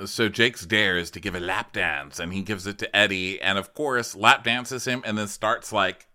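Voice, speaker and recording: A man's voice: lowish voice, moderate pace, pushed and bright. A man co-hosting a comedy podcast, recapping a reality show in a sarcastic, playful way. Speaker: podcast co-host.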